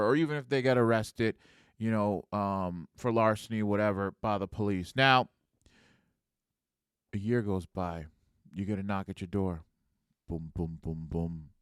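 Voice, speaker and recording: Smooth-voiced man hosting a podcast. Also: medium pitch, no echo, studio quality. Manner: conversational, rhetorical "right?" asides. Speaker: podcast host. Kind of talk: casual podcast talk.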